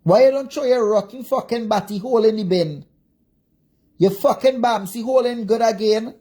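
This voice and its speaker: Speaking at normal speed in a fairly high but dark-toned voice, a Jamaican-accented woman delivers an angry rant on her livestream. As a social media commentator, she relies on constant profanity, insults, and repeated curses.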